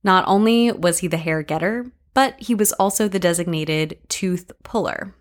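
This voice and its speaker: A woman reads her own scripted memoir stories as a podcast host, with dry, deadpan humor. Her voice sits somewhat low for a woman. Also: moderate pace.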